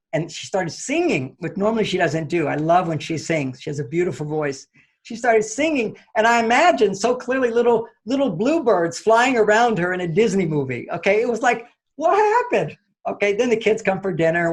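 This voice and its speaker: Here a man who writes about relationships is being interviewed, sharing something that happened to him. When he acts out how he reacted, his voice shoots up suddenly, high and loud.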